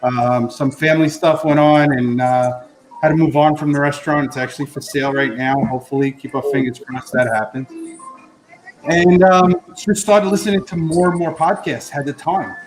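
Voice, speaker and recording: A man's voice: fairly high pitch, steady tone, moderate pace, a crowd in the background, poor audio. A man on a live stream chatting casually as a guest food correspondent, talking through dishes with lots of ums and uhs. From Florida. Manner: rambling, filler-heavy, describes food while eating.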